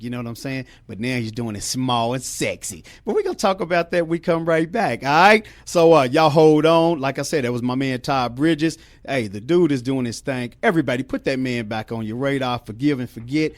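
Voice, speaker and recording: A man's voice: mid-range voice, dry recording. A man hosting a talk show, upbeat and encouraging, with a casual slangy way of talking. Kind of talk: casual interview chat.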